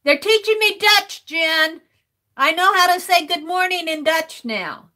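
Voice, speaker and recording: A woman's voice: very high-pitched, expressive, unhurried, sharp tone. A middle-aged woman artist chatting on a live stream, laughing often and sounding out words letter by letter as she reads the chat. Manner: laughs often while working. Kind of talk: casual livestream chat.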